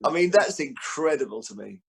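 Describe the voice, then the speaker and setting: A man talking as an author at a book festival interview, an animated storyteller who acts out quotes, with frequent restarts. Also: a little high, a little fast, gravelly, slightly rough.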